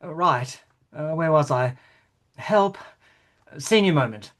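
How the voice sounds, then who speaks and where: A man's voice: fairly high pitch, lively intonation, slow, a bit bright. A man playing a fragile, fussy older king in a rehearsal over a video call, hesitant and apologetic with little stammers. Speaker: actor in rehearsal.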